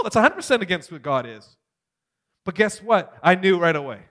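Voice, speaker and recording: A man giving a testimony sermon, telling his story with big swings between loud and hushed. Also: sits high, normal speed. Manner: animated storytelling, swings from shouting to near whisper. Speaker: preacher.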